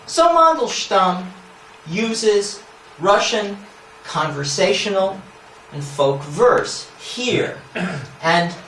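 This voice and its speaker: A man with a high, fairly bright voice gives an academic lecture, walking through scholarly points with asides and often checking in with the audience by asking "yeah?" He's recorded from a distance in an echoey lecture hall, with slight background noise.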